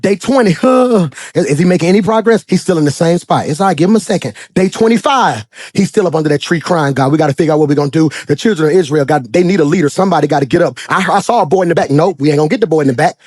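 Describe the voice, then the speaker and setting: A man preaching a sermon as pastor, swinging from shouted high points to low, quiet asides and acting out characters. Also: lively intonation, no room sound. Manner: acts out characters in quick dramatic voices.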